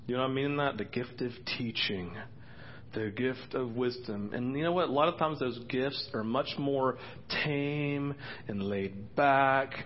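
Male pastor, excitable sermon delivery, faint room hum behind. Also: measured pace, lo-fi sound. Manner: excitable, voice jumps high for acted quotes. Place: church sanctuary.

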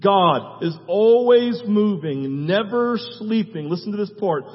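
A man's voice: high voice, animated, slow pace. A man preaching a sermon, emphatic and repetitive, building long lists and tagging phrases with "right?". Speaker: pastor. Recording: long hall reverb, dull sound.

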